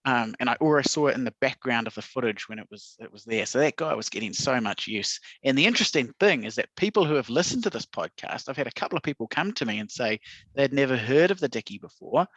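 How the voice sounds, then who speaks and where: A man's voice: mid-range voice, lively intonation, fast talker, fairly bright tone, no echo. A man co-hosting a podcast, telling stories against himself in casual chat. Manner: self-mocking storyteller, laughs at himself. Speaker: podcast co-host. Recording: dull dry lo-fi recording.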